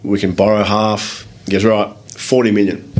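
A man with an Australian accent and a fairly low voice tells business stories as a guest in a relaxed interview. He talks in a loose, lively way, swears freely, calls people mate and acts out the voices of the people in his anecdotes. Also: moderate pace. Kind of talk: casual storytelling in a podcast interview.

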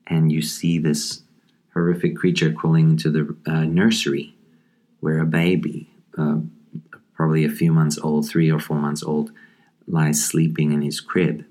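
A man with an extremely low voice reviews a horror comic as a podcast host. He talks casually and thoughtfully, pausing on ums and restarting his sentences. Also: monotone, dark tone.

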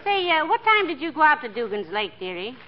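A woman's voice: high voice, sing-song, brisk. An actress playing a dry, teasing wife who deflates her husband's boasts with sly put-downs in a 1940s radio sitcom. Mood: wry. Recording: dull lo-fi 1940s radio broadcast with faint hiss.

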